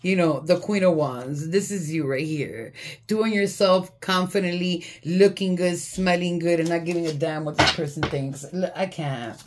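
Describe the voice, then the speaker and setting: A woman with a fairly low voice talks through a tarot spread in a loose, casual monologue. She is blunt and swears freely, laughing at what she sees in the cards. A faint hiss sits under her voice. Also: steady tone, normal speed. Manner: blunt, profane and laughing often. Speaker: tarot reader. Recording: faint background noise.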